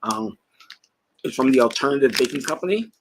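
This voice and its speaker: A man's voice: medium pitch, lively intonation, a little fast, a little hiss or hum. A man hosting his own channel as a spiritual teacher, chatting in a rambling, casual way and laughing as he talks, at times while eating. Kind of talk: casual vlog chat.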